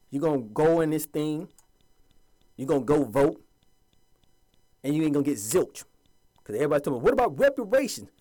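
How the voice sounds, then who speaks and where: A man's voice: a little high, darkish tone. A man giving an impassioned, preachy monologue to his viewers, sometimes mocking the voices of other people. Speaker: commentator addressing viewers.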